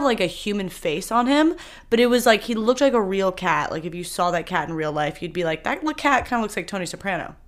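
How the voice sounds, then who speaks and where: A young woman hosting a solo podcast, talking candidly and animatedly, her voice swinging between loud bursts and soft asides. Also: mid-range voice. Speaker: podcast host.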